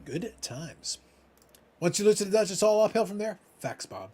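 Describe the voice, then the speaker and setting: A Canadian man chatting on a live stream, reading viewer comments and answering them with dry, teasing sarcasm. His voice sits a little high and swings widely in pitch. He drops to a mutter, then rises to mock-dramatic outbursts. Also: lively intonation, normal speed, dark tone. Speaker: co-host reading chat. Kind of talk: casual live-stream chat.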